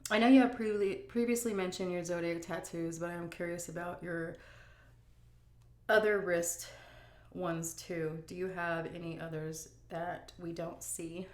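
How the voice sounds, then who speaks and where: Casual woman vlogger, roomy sound. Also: lowish voice. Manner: chatty, frank, reads questions aloud. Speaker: vlogger answering viewer questions. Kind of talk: casual chat while eating.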